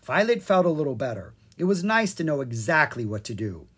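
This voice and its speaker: A storybook reader with a husky, breathy voice and a mid pitch. The delivery swings through a wide, lively range, bright enough to hold young listeners. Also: brisk. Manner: animated storytelling, voices each character. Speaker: audiobook narrator. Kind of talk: children's book narration.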